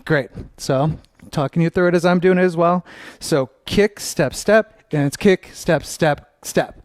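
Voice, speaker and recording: A man's voice: on the high side, measured pace, a little mellow, dry recording, studio quality. Upbeat male dance teacher counting steps. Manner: upbeat, counts steps aloud and scats rhythms. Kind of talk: dance tutorial instruction. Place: dancing at home.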